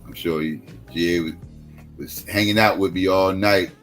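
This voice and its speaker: A tired man with a very low voice hosts a casual late-night stream, swearing freely as he tells stories. He jumps up high when he acts out quoted voices. Faint music plays behind him. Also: normal speed. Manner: profane storytelling with lively quoted voices. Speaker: live stream host.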